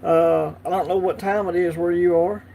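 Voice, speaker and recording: A man's voice: sits high, fairly even intonation, moderate pace, gravelly, dark tone, slight background noise. A man with a Southern US accent hosting a casual livestream, chatting easily and answering viewer comments as they come in. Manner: chatty, easygoing, talks back to the chat. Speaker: livestream host.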